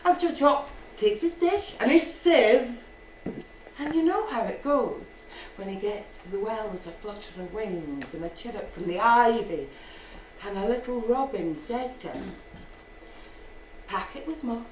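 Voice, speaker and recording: Scottish woman storyteller, playful live telling; slow, lively pitch, distant roomy hall sound. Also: slight background noise. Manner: playful, with asides and laughter. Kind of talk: live folk tale telling. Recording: echoey hall from far off.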